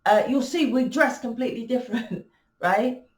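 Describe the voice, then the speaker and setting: A woman's voice: a little high, normal speed, echoey room. A woman hosting a spiritual channel, talking casually and rambling with many restarts and fillers. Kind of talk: casual spiritual talk to camera.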